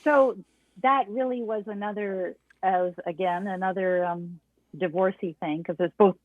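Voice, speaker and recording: A woman's voice: mid-range voice, normal speed, dry recording. An older woman, a guest songwriter and author, talking reflectively in a rambling way with many restarts. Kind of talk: casual interview chat. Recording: dry, tinny phone-like line.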